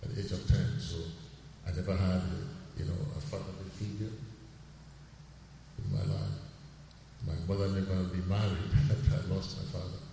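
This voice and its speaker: A man, a pastor giving a personal faith testimony, earnest and slowly repeating his key phrases. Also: sits low, level tone, mellow. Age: 60s. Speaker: pastor and counselor. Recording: echoey hall, far from mic, faint noise.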